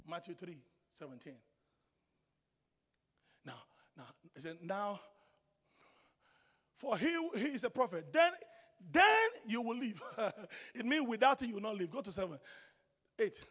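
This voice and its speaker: High, bright-voiced preacher man in a hall. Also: very animated, measured pace, long pauses. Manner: swings from hushed asides to shouted declarations. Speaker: pastor. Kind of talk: sermon. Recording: long hall reverb.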